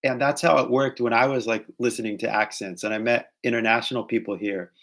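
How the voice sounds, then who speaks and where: Gravelly Californian man chatting casually. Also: mid-range voice, fairly even intonation, brisk, fairly bright tone. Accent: Californian American. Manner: rambling, laughs often, switches between English and Japanese. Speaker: English-teaching vlogger. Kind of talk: casual chat.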